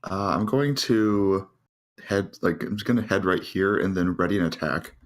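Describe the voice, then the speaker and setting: A man playing a tabletop game, talking in a hesitant, halting way. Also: low-pitched. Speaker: player. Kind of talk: casual tabletop play.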